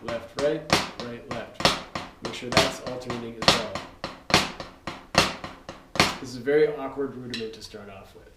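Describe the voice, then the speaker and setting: A man's voice: medium pitch, moderate pace, pauses often. A man talking casually as a drum teacher, explaining rudiments in a loose way with fillers. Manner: relaxed, loose, with fillers and counting aloud. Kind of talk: casual instructional talk. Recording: roomy, distant mic, loud noise.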